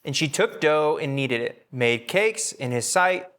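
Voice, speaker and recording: A man's voice: fairly high pitch, expressive, unhurried, fairly bright tone. A man teaching a Bible study to a live group, talking casually and acting out the characters' lines in everyday slang.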